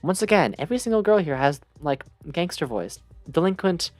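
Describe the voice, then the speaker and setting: A woman's voice: fairly low pitch, animated, brisk, a little mellow, no room sound, soft background music. A woman streamer rambling chattily and self-mockingly while playing a game. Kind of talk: casual gaming commentary.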